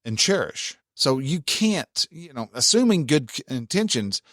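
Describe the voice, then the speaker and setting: A man's voice: mid-range voice, sing-song, measured pace, fairly bright tone, no room sound, studio quality. A man talking casually as a relationship advice host, folksy and full of restarts, acting out what a spouse might say. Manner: conversational, many restarts, acts out quoted spouse lines.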